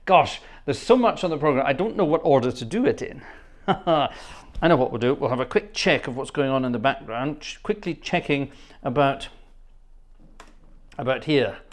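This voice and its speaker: Guy rambling on his livestream, chatty, keeps laughing and thanking people, mid pitch, home setup. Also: lively intonation, moderate pace. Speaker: livestream host and organist. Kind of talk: casual livestream chat. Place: home studio.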